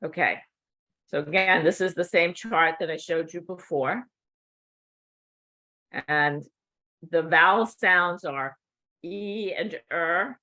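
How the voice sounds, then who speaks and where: In an instructional demonstration of cued speech, a middle-aged woman takes her time, pausing often to ask the learner "okay?" She has a fairly low pitch and a sharp tone.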